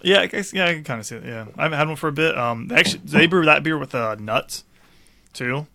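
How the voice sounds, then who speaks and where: A man's voice: fairly high pitch, expressive, fast, vocal fry, bright, forceful tone. A young man co-hosting a casual podcast over beers, laid-back, swearing freely and laughing often. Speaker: podcast co-host.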